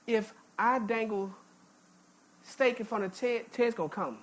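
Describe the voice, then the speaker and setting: A woman's voice: a little high, a little slow, slight background noise. A woman pastor preaching a sermon in a church, folksy and emphatic, often repeating words as she restarts. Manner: folksy, informal speech with jokes. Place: church sanctuary.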